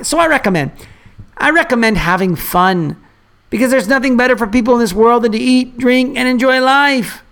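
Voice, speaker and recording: An adult pastor who sounds like a father of young kids preaches in a high, slightly bright voice with a rough, gravelly texture. He hammers key phrases home by repeating them for the congregation, then drifts into chatty, offhand asides full of fillers.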